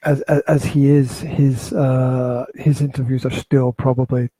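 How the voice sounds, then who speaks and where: A man's voice: medium pitch, flat delivery, a little slow, warm tone, slightly rough, no room sound. A man hosting a parenting podcast in casual chat, joking and rambling with many restarts. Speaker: podcast host.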